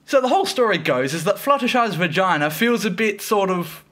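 A young man with a high voice that leaps all over the place hosts a casual review video. He rambles, swears freely and keeps dissolving into giggles. His tone is bright. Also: lively intonation, fairly quick. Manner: giggly, keeps breaking into laughter. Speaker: fanfic review host.

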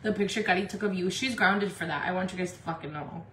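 A woman from Indio, California, chatting casually on a makeup livestream from home, talking fast and loose, swearing freely and saying "like" a lot. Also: lowish voice, fairly bright tone, recorded from a distance. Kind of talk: casual live-stream chat. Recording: echoey room with faint background noise.

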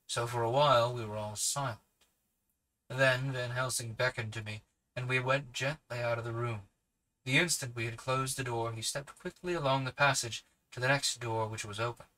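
A man narrating a classic novel aloud in a steady storytelling manner, with occasional slips and restarts. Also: mid-range voice, poor audio. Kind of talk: audiobook reading.

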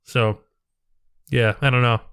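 A man's voice: medium pitch, fairly even intonation, slow pace, a bit bright, smooth. A man co-hosting a podcast in casual fan chat, chatty and often repeating words as he thinks. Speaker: podcast co-host.

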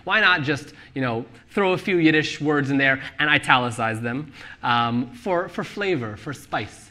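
A man talking about his novel on stage at a live book event, animated and quick to laugh, with many restarts. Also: mid-range voice. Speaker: author discussing his novel. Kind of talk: live onstage book talk. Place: live event venue with audience.

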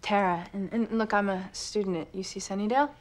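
An actress playing a shy soft-spoken student. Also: female voice, medium pitch, fairly even intonation, a little fast, close to an everyday voice.

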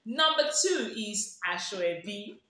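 Bright-voiced Nigerian woman, teasing vlog. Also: medium pitch, expressive, measured pace. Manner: playful, teasing, laughs often. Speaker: lifestyle vlogger. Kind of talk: casual sarcastic advice vlog. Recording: very echoey room.

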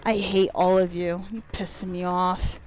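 A woman's voice: lowish voice, flat delivery, a little slow, darkish tone, low-quality recording. A woman giving profane, irritated live commentary while playing a video game, trash-talking her opponents. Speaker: gameplay streamer.

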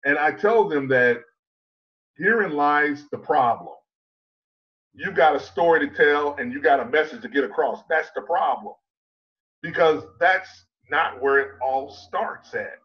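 Speaking a little high, a man gives public speaking advice in an online conference talk, pressing his points emphatically and peppering them with rhetorical questions. He slows down for the key ideas, and the high frequencies are cut off.

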